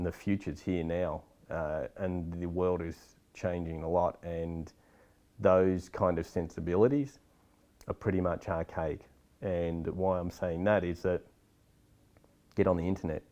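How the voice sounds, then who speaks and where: A middle-aged man, talking bluntly and with energy in a casual interview about filmmaking. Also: low-pitched. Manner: blunt, animated, swears casually. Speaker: filmmaker guest.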